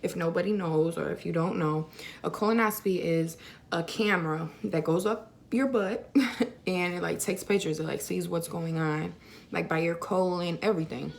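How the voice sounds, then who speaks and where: A woman's voice: lowish voice, normal speed, gravelly, slight background noise. A young woman vlogger casually telling a personal story to camera, filling her talk with "like" and "you know.". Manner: chatty, many fillers like "like" and "you know".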